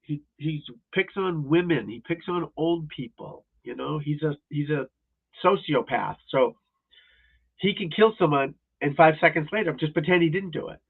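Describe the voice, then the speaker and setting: Husky-voiced man ranting on a tinny stream. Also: on the high side, expressive, normal speed. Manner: rambling, blunt, profane. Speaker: golf instructor and livestream host. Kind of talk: casual livestream rant. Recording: tinny phone-like audio.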